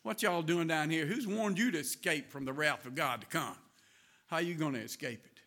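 Man acting out a blunt rustic prophet, Southern US accent, folksy drawl, raised and bright. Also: a little high, normal speed. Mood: scolding. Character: blunt rustic male prophet calling out crowds.

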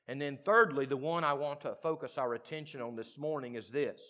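A male pastor preaching a sermon, repeating key phrases and building to loud, emphatic peaks. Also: medium pitch, fairly quick, few pauses.

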